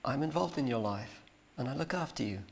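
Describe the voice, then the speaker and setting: Guy with a bit of fry in his voice rambling through a travel story, lots of ums, then turning it into a little god moment. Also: medium pitch, lively intonation, a little fast. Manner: rambling, hesitant, with many ums and restarts. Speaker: speaker sharing a personal testimony. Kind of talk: anecdotal storytelling with a spiritual point.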